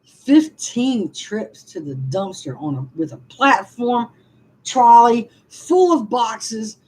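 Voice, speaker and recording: Lively chatty woman in her sixties. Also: on the high side, slow, slightly rough, low-quality recording. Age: 60s. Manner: chatty, frank, laughing asides to viewers. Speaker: livestream vlogger reading comments. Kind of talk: casual venting livestream.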